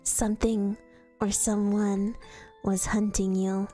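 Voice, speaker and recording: A woman's voice: mid-range voice, level tone, takes it slowly, mellow, soft background music. A woman streamer reading a fan story aloud in a storytelling voice, sometimes stumbling and restarting words. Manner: storytelling read-aloud with casual slips and restarts.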